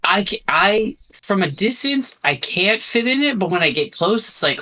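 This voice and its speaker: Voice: medium pitch, big pitch swings, moderate pace, hardly any pauses, a little hiss or hum, low-quality recording. Rambling, hesitant tabletop player. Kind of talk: casual tabletop play, narrating their actions.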